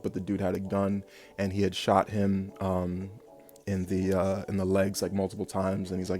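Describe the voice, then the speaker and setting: A man's voice: sits low, monotone, fairly quick, mellow. A young man telling a long personal story in a casual, rambling way, full of fillers and bursts of laughter. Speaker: vlogger.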